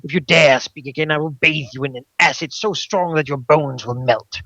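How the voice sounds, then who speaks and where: A man's voice: fairly high pitch, normal speed, pushed and bright, no echo, muffled recording. A man doing a hissing, haughty dragon. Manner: hissing, threatening, grandiose. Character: arrogant young male dragon, haughty and cruel.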